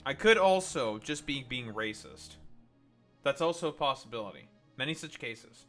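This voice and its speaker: Sharp-voiced, crude, teasing male streamer. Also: mid-range voice, animated, normal speed, soft background music. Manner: crude, teasing, swears a lot. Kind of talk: casual livestream chat.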